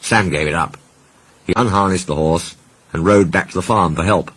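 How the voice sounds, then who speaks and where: A man reading a children's railway story aloud in an expressive storybook style. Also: deep voice, moderate pace, background noise.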